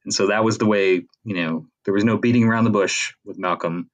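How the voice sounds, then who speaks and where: A man's voice: lowish voice, steady tone, normal speed. A Canadian-born man co-hosting a podcast in casual chat, rambling with many fillers and restarts. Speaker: podcast co-host.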